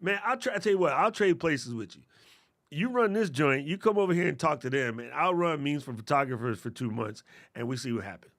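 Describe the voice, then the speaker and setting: A man hosting a live question-and-answer stream, giving casual, energetic advice in slangy talk and calling viewers family. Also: a little high, brisk, dry recording, clean studio sound. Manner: energetic, slangy, addresses chat as fam and family. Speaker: host answering creator questions.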